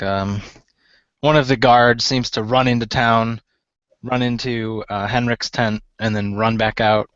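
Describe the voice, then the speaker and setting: A man narrating as game master, relaxed and hesitant with frequent fillers. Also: medium pitch, no echo. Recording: dry, dull lo-fi sound.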